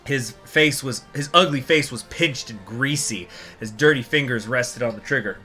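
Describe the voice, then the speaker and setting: A man's voice: medium pitch, moderate pace, sharp tone, faint music behind. A man hosting a strategy game video, chatting casually with jokes and fillers and reading event text aloud. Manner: casual, rambling, joking, with many fillers. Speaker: gaming channel host.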